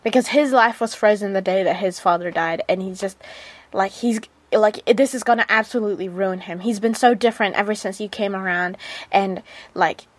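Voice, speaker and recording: A woman's voice: medium pitch, normal speed, no echo, natural voice. A woman voicing a pleading worried mother. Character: pleading middle-aged mother, worried for her son.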